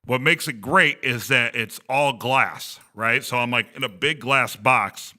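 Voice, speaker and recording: A man's voice: medium pitch, unhurried, sharp tone. A man in his thirties, a podcast host telling a rambling story and laughing often, speaking from a glass conference room. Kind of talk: casual chat.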